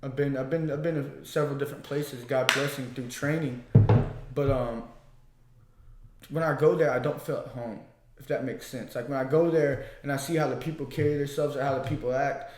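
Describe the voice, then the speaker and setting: A man's voice: medium pitch, fairly quick, roomy sound, a little hiss or hum. A young man from Missouri, a podcast guest and amateur kickboxer, telling stories in casual chat with lots of swearing and restarts. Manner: profane, rambling, animated storytelling.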